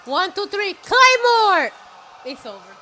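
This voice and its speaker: A woman streamer reacting live to a wrestling show, excitable and swearing, often shouting at the action. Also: very high voice, slow pace, a little hiss or hum. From Puerto Rico. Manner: excitable, profane, shouts at the screen.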